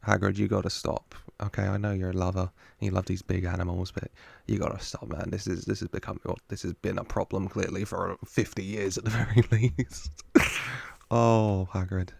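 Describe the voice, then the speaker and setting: Male reaction host, low gravelly voice, relaxed joking commentary with frequent laughter. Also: moderate pace, no echo. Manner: chatty, laughs often, jokes with the screen. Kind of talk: casual film reaction commentary.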